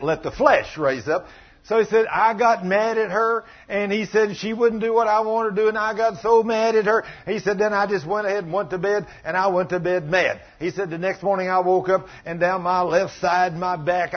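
A man preaching a sermon, telling a story and acting out the voices in it, with sudden loud bursts. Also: high voice. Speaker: pastor. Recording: muffled lo-fi sound.

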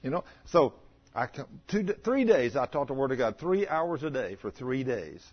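An older man preaching a folksy, animated sermon about healing, acting out the voices in his stories. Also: mid-range voice, moderate pace, breathy edge. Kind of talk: sermon storytelling. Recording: dull lo-fi recording.

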